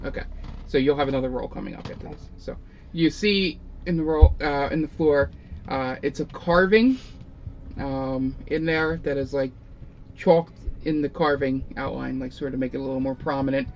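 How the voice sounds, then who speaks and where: A man's voice: mid-range voice, moderate pace, slight background noise. Rambling male game master, lo-fi. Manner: loose, rambling narration with many fillers. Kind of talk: narrating a tabletop game.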